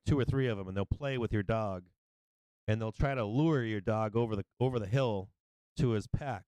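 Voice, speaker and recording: A man's voice: mid-range voice, a little mellow, clean tone, no echo. A man hosting a livestream, telling rambling stories in casual chat, swearing and laughing often. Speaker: livestream host.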